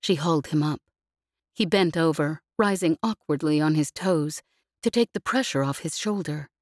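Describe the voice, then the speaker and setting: A woman narrates an audiobook in a low voice with steady, even storytelling. The recording is close and dry, with no room sound. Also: moderate pace, no echo. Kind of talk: scripted narration.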